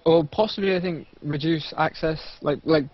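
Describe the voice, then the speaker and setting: A man hosting a casual online game cast, quick and polite, full of fillers and restarts, heard over a voice call. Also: on the high side. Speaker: shoutcaster host. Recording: muffled lo-fi voice call.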